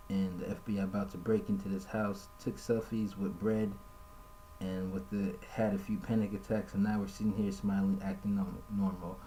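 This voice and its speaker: A man with a low, dark, mellow voice gives casual live-stream commentary, reading messages aloud and raising his pitch for the quoted lines. A faint hum sits under the recording from his home setup. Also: low-quality recording. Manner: conversational, reads quotes aloud in a higher voice.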